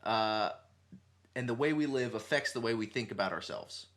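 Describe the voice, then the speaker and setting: A man's voice: medium pitch, moderate pace, fairly bright tone. Rambling man thinking aloud. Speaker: podcast host. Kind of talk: casual conversational podcast.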